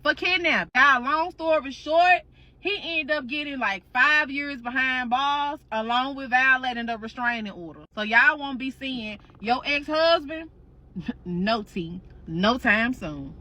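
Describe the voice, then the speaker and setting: A woman telling a dramatic story in a slangy, animated, profane way. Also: high voice, measured pace. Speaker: storytime host. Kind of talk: casual storytelling.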